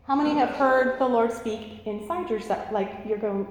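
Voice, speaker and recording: A woman teaching an interactive sermon, animated and laughing, asking the audience questions. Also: medium pitch, moderate pace, hardly any pauses. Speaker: church teacher. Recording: echoey hall, faint room noise.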